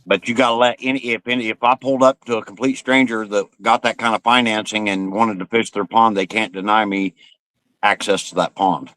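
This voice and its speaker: A man's voice: on the low side, fairly even intonation, brisk, a bit bright, no echo, poor audio. A man from Missouri chatting casually on a stream, explaining things in a plainspoken, matter-of-fact way. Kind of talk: casual chat.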